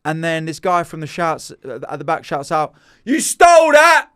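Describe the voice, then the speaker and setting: A man's voice: on the high side, moderate pace, clean tone, no room sound, clean studio sound. A man telling a comedy-gig anecdote in casual chat, acting out the voices in it. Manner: animated anecdote-telling with acted-out quotes. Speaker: comedian guest.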